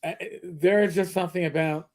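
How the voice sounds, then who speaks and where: A man's voice: sits high, fairly even intonation, a little fast. Middle-aged man, livestream co-host, rambling jokey storyteller. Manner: rambling storyteller, joking, frequent restarts. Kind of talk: casual livestream chat.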